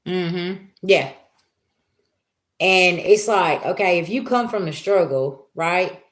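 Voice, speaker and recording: Taking it slowly in a lowish voice, a woman gives spiritual readings over a live stream. She talks in a relaxed, chatty way, emphasizes her points, and throws out rhetorical questions.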